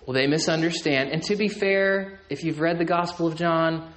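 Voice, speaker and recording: A man's voice: on the high side, normal speed, fairly bright tone, reverberant. A man teaching the Bible to a live audience in a conversational sermon, with jokey asides and a habit of checking in with his listeners. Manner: chatty, keeps checking in with listeners.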